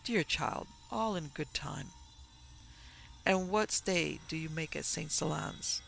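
A man reading a flattering, effusive gentleman in an audiobook, full of elaborate courtesy. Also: fairly high pitch, takes it slowly, creaky, soft background music, full character voice. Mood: gushing. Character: oily, flattering middle-aged gentleman.

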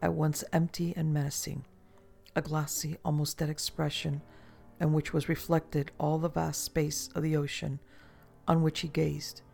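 A man narrating a novel in a measured, literary reading style. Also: on the high side, level tone, vocal fry, a little mellow, soft background music. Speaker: audiobook narrator. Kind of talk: scripted narration.

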